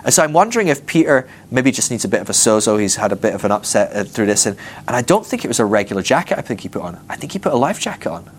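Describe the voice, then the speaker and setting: Animated, joking man teaching. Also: medium pitch, rapid-fire, a little hiss or hum. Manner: jokey, animated, acts out voices of Bible characters. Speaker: preacher teaching a ministry school class. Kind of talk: casual humorous Bible teaching.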